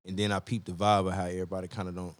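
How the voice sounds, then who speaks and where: A man's voice: low voice, flat delivery, very fast, no echo. A man guesting on a casual podcast, telling loose, profane stories full of quoted asides. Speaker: guest musician.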